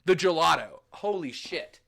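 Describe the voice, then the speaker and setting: A man with a fairly high, bright, forceful voice talks through a loose, rambling chat. He swears freely and fills his sentences with "like" as he goes. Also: lively intonation, moderate pace, gravelly. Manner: rambling and profane, with lots of filler likes. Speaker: host. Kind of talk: casual chat.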